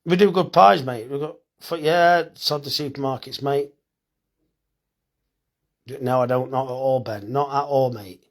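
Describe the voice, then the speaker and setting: A man's voice: mid-range voice, measured pace, long pauses. A middle-aged man, a farmer and butcher, chatting casually and bluntly on a phone live stream, reading out comments and swearing now and then.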